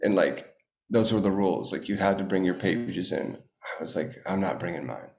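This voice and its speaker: A man's voice: sits low, normal speed, vocal fry, darkish tone. A man, an actor guest in a casual interview, telling laid-back stories and acting out quoted dialogue. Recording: roomy echo.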